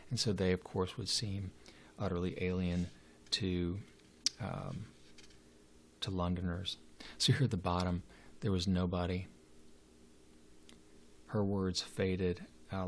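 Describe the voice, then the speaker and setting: A man's voice: low voice, gravelly, a bit bright, a little hiss or hum. A man giving a literature lecture, hesitant and full of fillers and restarts. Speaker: literature teacher.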